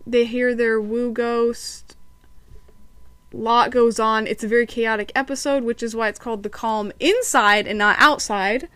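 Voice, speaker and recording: A woman's voice: on the high side, steady tone, measured pace, a bit bright, smooth, no room sound. Chatty young-sounding woman podcaster. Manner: chatty, giggly, acts out quotes. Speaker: podcast host reviewing a cartoon series. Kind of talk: casual review chat.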